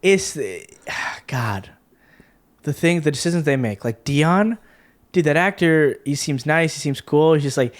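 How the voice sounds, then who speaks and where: Animated, exasperated man ranting about TV. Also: a little high, normal speed. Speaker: podcast co-host. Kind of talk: casual chat reviewing a TV episode.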